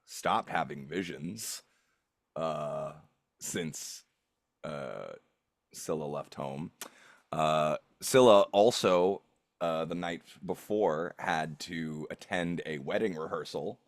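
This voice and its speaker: A man running a tabletop game, recapping the last session in a casual, animated way and laughing often. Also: extremely low pitch, no echo, clean studio sound. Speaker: game master.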